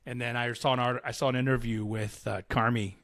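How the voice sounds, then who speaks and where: A man co-hosting a casual review podcast, talking in an animated way and acting out lines from the show. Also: medium pitch, fairly quick, dry recording, studio quality. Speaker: podcast co-host. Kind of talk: casual chat.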